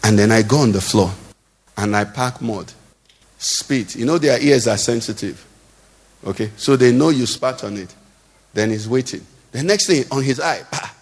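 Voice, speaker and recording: A Nigerian-accented pastor preaches in a church hall, his husky, medium-pitched voice carried by a long reverb. At a moderate pace he keeps asking the congregation rhetorical questions in a rising, singsong cadence.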